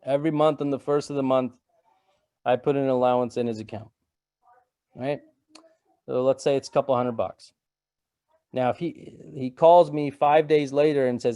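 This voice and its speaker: A man's voice: mid-range voice, moderate pace, long pauses, dark tone, no echo, clean studio sound. A middle-aged man giving a webinar presentation in a casual, conversational way, repeating phrases and checking in with "right?".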